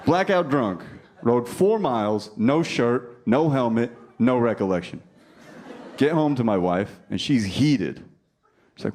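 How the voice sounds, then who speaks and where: Measured in pace but lively in intonation, a man in his thirties performs a brash stand-up set, trading profanities with the crowd. His mid-range voice is a little mellow, and the live club sound picks up a laughing audience.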